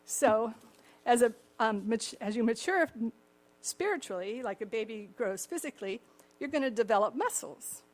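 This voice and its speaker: A woman's voice: a little high, animated, normal speed. An older woman preaching a sermon, with a slightly cracked voice and chuckling asides. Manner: warm chuckling asides, acts out the story voices.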